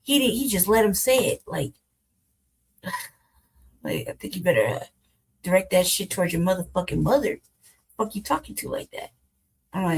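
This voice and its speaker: A woman's voice: on the high side, lively intonation, a little fast, pauses often, low-quality recording. A woman host with African American English, giving blunt, profane commentary as she reacts to a debate clip. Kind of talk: casual commentary.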